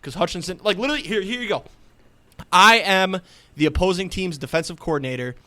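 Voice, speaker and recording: A man's voice: sits high, brisk, sharp tone. A young man co-hosting a casual sports podcast, ranting heatedly with lots of swearing. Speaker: podcast co-host.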